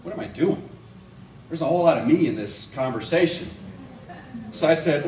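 Male evangelist, slightly high voice, animated storytelling sermon, roomy church sound. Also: moderate pace, long pauses, recorded from a distance, slight background noise. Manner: animated storytelling with acted-out quotes. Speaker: evangelist preacher. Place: church sanctuary.

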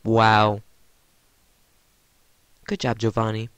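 A man hosting his gaming channel, giving excited gameplay commentary, giddy and stammering, addressing his viewers as guys. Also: fairly low pitch, drawn-out words, clean tone, dry recording.

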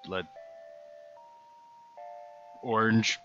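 A man talking casually over his gameplay, rambling and poking fun at himself. His voice sits a little low with a bright, forward tone. Game music plays faintly behind him. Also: fairly even intonation, drawn-out words, dull audio. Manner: rambling, self-mocking. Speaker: gaming channel host.

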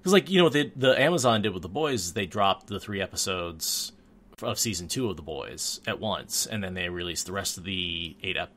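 A man with a fairly low voice chats casually as a podcast host. He laughs readily and jumps in pitch when excited, often restarting his sentences as he talks. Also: fairly quick.

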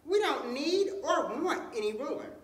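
A woman's voice: sits high, lively intonation, unhurried, pitched above the performer's own voice. A woman voicing a small, brave mouse speaking up earnestly in a folktale. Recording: roomy echo, distant mic.

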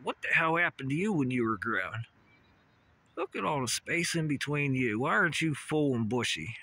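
A man's voice: medium pitch, very animated, moderate pace, bright, forceful tone. A man vlogging on a hilltop walk, rambling and swearing casually as he chats to animals and trees, recorded outdoors on a phone. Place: outdoors on a hilltop walking path. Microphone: phone camera.

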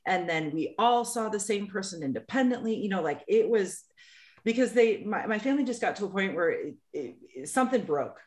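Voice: mid-range voice, expressive, a little fast. A young adult podcast co-host speaking earnestly and affirmingly in casual chat, often checking in with "right?".

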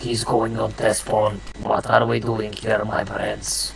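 A man's voice: fairly low pitch, monotone, slow pace, gravelly, a little hiss or hum. A man trolling other players over in-game voice chat, crude and boastful in broken English. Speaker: gamer trolling online players.

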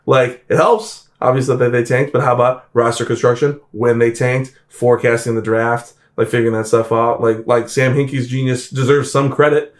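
A man speaking as a podcast guest in casual chat, animated and emphatic, swearing and acting out quotes. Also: mid-range voice, normal speed, hardly any pauses.

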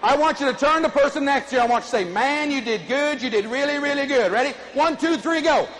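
A middle-aged man giving an animated keynote speech to a live audience, drawing call-and-response from the crowd. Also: extremely high pitch, quick pace, a little hiss or hum. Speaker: motivational speaker. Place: large conference hall. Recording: echoey hall, faint ambience.

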